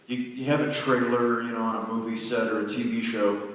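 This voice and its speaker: A man in his forties giving a humorous, self-deprecating talk to a live audience, telling stories conversationally with quick restarts. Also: medium pitch, flat delivery, a bit bright. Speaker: guest speaker. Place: large lecture hall. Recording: distant mic in an echoey hall.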